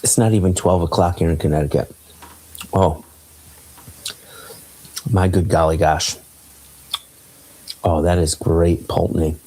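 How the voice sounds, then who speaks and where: A man hosts a casual podcast chat over a video call, savoring and describing a whisky aloud. His voice sits very low. He talks at an unhurried, slow pace. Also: steady tone, mellow, low-quality recording. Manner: easygoing, enthusing over flavors. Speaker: podcast host.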